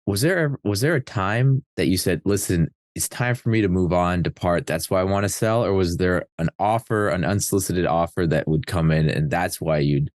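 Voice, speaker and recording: A man hosting a podcast, asking interview questions in a halting way with frequent restarts. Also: low-pitched, no echo, clean studio sound. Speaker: podcast host.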